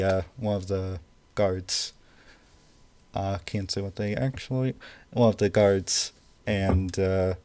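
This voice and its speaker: A man narrating a tabletop game as game master, halting and full of fillers. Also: low voice, darkish tone, slight background noise.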